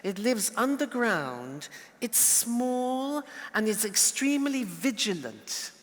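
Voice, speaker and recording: Brief: animated male lecturer, mid pitch, long hall reverb. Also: slow pace. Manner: lively, playful, animated demonstrations. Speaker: teacher. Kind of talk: lecture with role-play.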